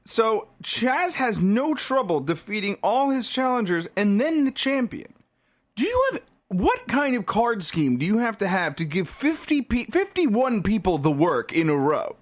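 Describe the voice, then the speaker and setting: High-voiced man recapping with incredulous laughs. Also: sing-song, unhurried. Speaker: podcast co-host. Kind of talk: casual chat and episode recap.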